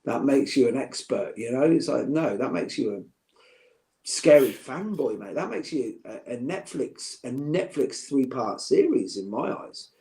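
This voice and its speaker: Gravelly, dark-voiced man chatting. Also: medium pitch, animated, unhurried. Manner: chatty, joking, heartfelt. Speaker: podcast guest. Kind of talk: casual chat.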